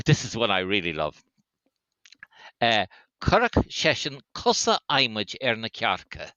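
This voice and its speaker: A man being interviewed as a linguist, hesitant with many fillers and restarts, warmly savoring idioms. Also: mid-range voice, no echo. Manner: relishes idioms, enthusiastic asides. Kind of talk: conversational interview.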